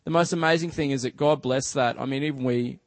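An Australian man giving a church talk as a relaxed, chatty story, full of fillers like "just" and "you know". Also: medium pitch, fast talker, dry recording. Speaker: church speaker. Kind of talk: casual storytelling sermon.

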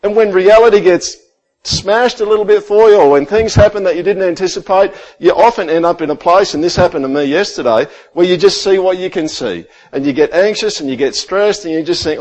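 Conversational pastor preaching. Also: male voice, sits high, a little fast, low-quality recording. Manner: conversational preaching, rhetorical questions, drops to quiet intensity. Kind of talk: sermon.

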